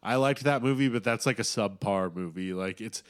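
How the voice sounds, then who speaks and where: Young man, lowish voice, loose and profane chatter. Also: normal speed. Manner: swears a lot, rambling and animated when excited. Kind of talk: casual chat.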